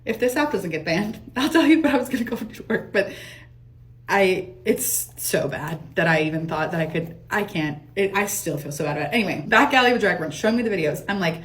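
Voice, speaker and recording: A young woman with a mid-range voice tells a storytime monologue at a fast clip. Casual and animated, she swears and laughs often.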